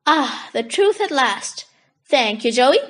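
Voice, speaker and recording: Woman doing a booming old circus magician. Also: big pitch swings, slow pace, exaggerated voice. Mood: hearty. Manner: loud and exclamatory, calls boys laddies.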